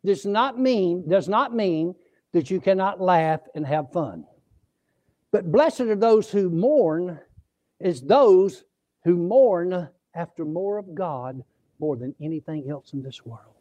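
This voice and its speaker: A man preaching a sermon, folksy and animated, acting out voices as he tells stories in church. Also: high voice, slow pace, no echo, lo-fi sound. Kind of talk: sermon with storytelling.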